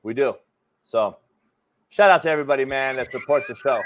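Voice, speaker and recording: A man hosting a sports talk show, chatting casually in a relaxed, low-key way. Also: moderate pace, slight background noise. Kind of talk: casual chat.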